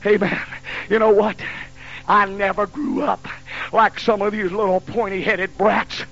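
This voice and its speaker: A man's voice: high-pitched, little pitch movement, unhurried, fairly bright tone. A man, preaching a fiery sermon in a folksy storytelling way in a church. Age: 50s. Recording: lo-fi recording with faint hum.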